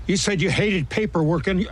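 An actor playing a calm older male therapist mentor in a TV drama scene. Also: high voice, normal speed. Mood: reasoning. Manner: calm, steady, patient.

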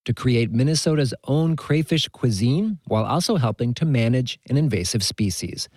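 A man filing a scripted radio news report with a measured, even delivery. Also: medium pitch, husky, no echo.

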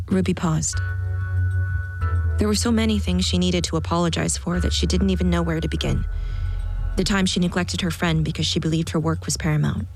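A woman narrates a story in a calm, measured audiobook style. Her voice sits low with a gravelly, creaky edge. Faint music plays softly behind her.

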